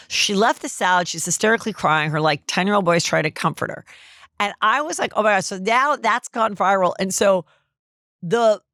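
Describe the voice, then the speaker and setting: A woman's voice: mid-range voice, moderate pace, no echo, clean studio sound. A woman hosting a podcast in casual gossip chat, telling stories and acting out the people in them. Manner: animated storyteller acting out quoted people. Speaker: podcast host.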